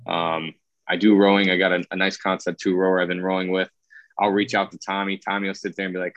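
A man's voice: sits low, quick pace, no room sound, poor audio. A man in his thirties, a military veteran, chatting casually on a podcast and acting out his friends' lines as he tells stories. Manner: animated storytelling, acting out quoted friends. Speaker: rowing team member, Air Force veteran.

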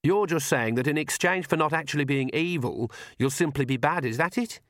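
A sharp-tongued young witch from a storybook, suspicious and quick to bristle, as a male narrator puts her on. The voice is lifted above his usual register and sounds close and dry. Her lines come out clipped and indignant. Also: on the high side, no echo, voice pushed up, lightly acted. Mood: wary, indignant.

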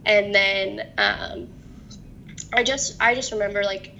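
A young woman telling her own story as a guest in an interview, halting and hesitant, with many restarts. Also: mid-range voice, fairly even intonation, creaky, sharp tone, muffled recording, slight background noise. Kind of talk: personal testimony in an interview.

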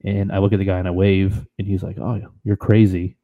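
A man co-hosting a podcast, telling a trip story in an animated, excitable, casual way. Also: deep voice, fast talker, narrow, tinny audio. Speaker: podcast co-host.

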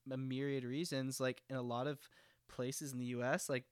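A man's voice: mid-range voice, level tone, moderate pace, clear, resonant tone, no room sound, clean studio sound. A young man from Texas co-hosting a podcast, rambling casually with lots of "like" and swearing. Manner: rambling, profane, lots of fillers. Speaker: podcast co-host. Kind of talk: casual political chat.

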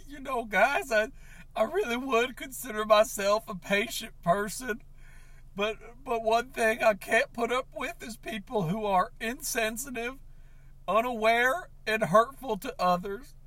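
A man ranting in a comedic confessional vlog, overwrought and tearful, breaking into sobs and shouts. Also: very high-pitched, measured pace. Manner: overwrought, sobbing and shouting in bursts. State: tearful, on the verge of crying. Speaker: comedic vlogger.

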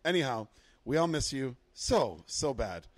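A man co-hosting a podcast in casual chat, excitable, laughing often and swearing freely. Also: mid-range voice, measured pace, no echo. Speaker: podcast co-host.

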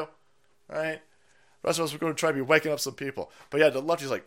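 A man's voice: a little high, steady tone, quick pace, long pauses, a bit bright. A man hosting a livestream, ranting in a profane, sarcastic, mocking manner. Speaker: streamer host.

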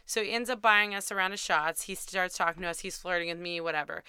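Young woman spilling her dating stories, chatty and swears a lot, kinda low but really bright voice. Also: fast talker, clean tone, dry recording, studio quality. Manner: chatty, self-deprecating, swears freely. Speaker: podcast host. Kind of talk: candid storytelling.

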